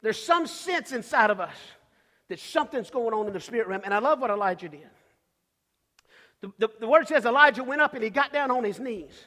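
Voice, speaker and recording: Preacher man, really high bright voice, hollers and repeats stuff, big church echo. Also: lively intonation, brisk. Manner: emphatic, repeats lines, builds to shouts. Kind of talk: sermon.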